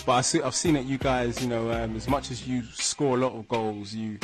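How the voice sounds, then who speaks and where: A man's voice: mid-range voice, steady tone, brisk, music in the background. A man hosting a casual sports podcast, full of laughing, hyped banter. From England. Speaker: podcast host.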